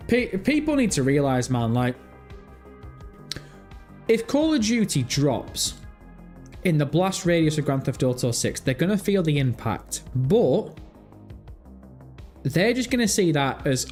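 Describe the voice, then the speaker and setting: A man hosting a casual gaming livestream, thinking out loud and reading chat messages and search results. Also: on the high side, very animated, unhurried, long pauses, soft background music.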